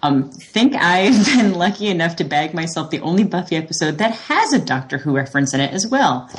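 A woman's voice: lowish voice, very animated, brisk, a little hiss or hum. A woman co-hosting a podcast, reading a listener email aloud with frequent giggles. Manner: giggly, reads with frequent laughs. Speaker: podcast co-host.

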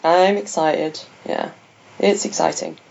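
A woman's voice: deep voice, fairly even intonation, slow, vocal fry, a little mellow, muffled recording, a little hiss or hum. A woman hosting a podcast, chatting casually and laughing often. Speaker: podcast host. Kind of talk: casual chat.

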